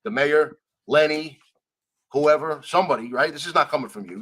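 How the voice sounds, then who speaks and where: Man telling a story with animated dialogue. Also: fairly high pitch, normal speed. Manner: animated, acts out quoted dialogue, swears freely. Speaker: guest. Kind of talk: storytelling in a conversational interview.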